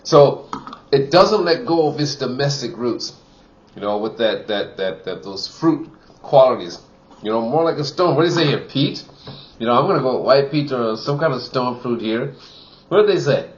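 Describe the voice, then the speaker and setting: A man's voice: medium pitch, animated, moderate pace, muffled recording. A man giving a casual wine tasting review, chatty and full of "you know" fillers, from Wisconsin.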